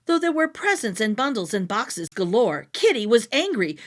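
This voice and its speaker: A woman's voice: a little high, sing-song, normal speed, hardly any pauses. A woman narrating a rhyming picture book aloud as a storyteller, reading expressively.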